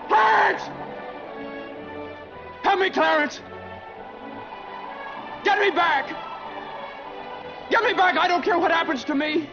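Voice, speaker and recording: An actor playing a desperate man who begs an angel for help, then bursts into overjoyed shouting, in a lo-fi film clip with music. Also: very high voice, slow pace, vocal fry, pauses often, full character voice. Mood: desperate pleading. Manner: frantic shouting, sobbing joy.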